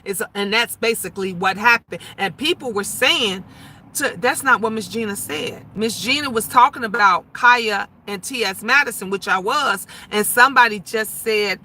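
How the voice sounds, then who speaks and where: A woman in her fifties talking loudly and emphatically on a casual livestream, chatting and answering viewer comments. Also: mid-range voice, moderate pace, a little hiss or hum. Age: 50s. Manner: loud, emphatic talker who gets louder when emotional.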